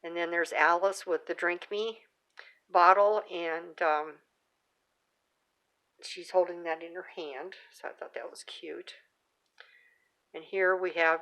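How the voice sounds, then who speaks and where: A woman's voice: on the low side, little pitch movement, measured pace, vocal fry, pauses often, fairly bright tone. A middle-aged woman hosting her own craft channel, chatting casually with plenty of fillers and restarts as she shows off her handmade work. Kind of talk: casual show-and-tell.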